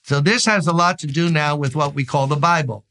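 A male pastor gives a daily devotional, chatty and full of little stories. He leans into points with emphasis and keeps it conversational. His voice sits a bit higher than most men's. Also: brisk, pushed and bright. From Brooklyn, New York. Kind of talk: devotional sermon.

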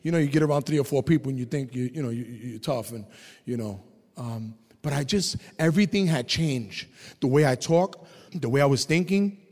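A man preaching a testimony sermon, telling his story with animated delivery and shouting at high points. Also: brisk, long reverb tail.

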